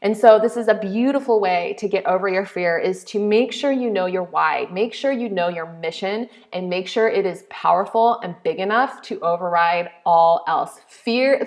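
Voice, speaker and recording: Excitable woman business coach. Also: lowish voice. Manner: energetic, excitable, talks with her audience. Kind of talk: online workshop teaching.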